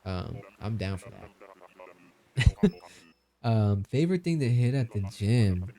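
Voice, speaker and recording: A man's voice: on the low side, slow pace, creaky, warm tone. A man in his thirties chatting casually on a live stream, joking, laughing and reading out chat messages. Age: 30s. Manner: joking, reads chat aloud, laughs often.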